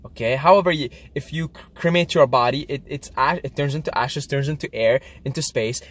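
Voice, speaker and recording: A man's voice: mid-range voice, brisk. Earnest man recounting an emotional experience. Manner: earnest, repetitive, swings between hushed and emphatic; frequent fillers like "right?" and "okay?". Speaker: vlogger recounting a psychedelic trip. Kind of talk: casual confessional monologue.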